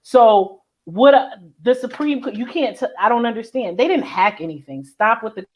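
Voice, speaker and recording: A woman's voice: fairly high pitch, lively intonation, normal speed. A woman co-hosting a heated live call-in debate, sarcastic and insistent on facts.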